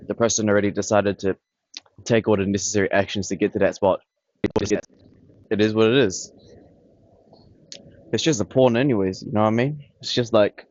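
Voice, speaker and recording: A man with a fairly low voice rambles bluntly to his camera, dismissive and repetitive. The sound is dry and close, with dull lo-fi camera audio. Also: steady tone, moderate pace, pauses often, darkish tone, dry recording. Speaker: vlogger. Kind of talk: casual rambling monologue. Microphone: camera on tripod.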